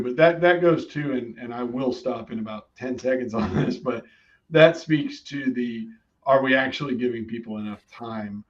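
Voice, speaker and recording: A man's voice: mid-range voice, dull audio. A man on a conversational podcast, explaining his points emphatically, step by step.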